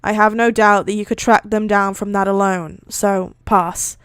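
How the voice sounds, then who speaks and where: A woman voicing a tired, gruff male teacher with a weary, flat delivery in a fan-fiction reading. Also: medium pitch, moderate pace, no room sound, close to an everyday voice.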